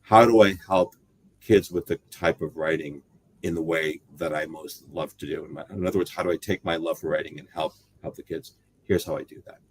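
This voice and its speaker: A man's voice: very deep voice, fairly even intonation, fairly quick, a little hiss or hum. A middle-aged man from the United States, talking as an interview guest in a rambling, thoughtful way that often corrects itself. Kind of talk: casual interview talk.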